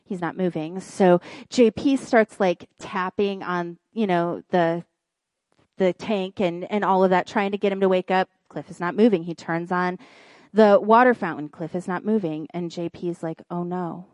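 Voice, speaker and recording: A woman, a pastor's wife, preaching in church and telling a funny personal story in an animated way. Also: fairly low pitch, normal speed, dry recording. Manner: animated storytelling, acts out quoted voices. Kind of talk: sermon with a humorous personal story.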